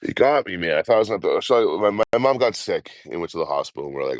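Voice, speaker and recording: A man's voice: low voice, expressive, quick pace, few pauses, dry recording. A man, chatting casually and profanely on a travel live stream, laughing often. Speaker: travel vlogger.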